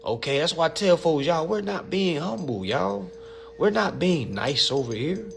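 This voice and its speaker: A man's voice: a little high, lively intonation, moderate pace, creaky, a little hiss or hum. Blunt, profane man talking to his viewers. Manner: blunt, profane, fired-up, addresses listeners as family. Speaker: host answering viewer questions. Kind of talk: casual livestream talk.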